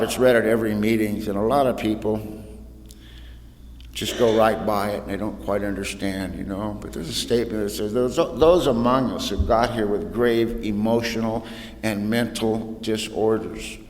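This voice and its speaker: A man from California, an AA speaker, tells his own recovery story at a meeting in a folksy, storytelling manner, sprinkling in "man" and "you know." His voice is lowish at a normal speed, recorded in an echoey hall with faint room noise.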